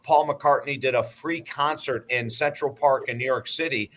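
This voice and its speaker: A man's voice: mid-range voice, moderate pace. A man in his sixties, a guest in an interview, telling stories bluntly and emphatically, sometimes swearing. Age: 60s. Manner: animated anecdote-teller. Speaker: guest, life coach and broadcaster. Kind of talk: interview storytelling.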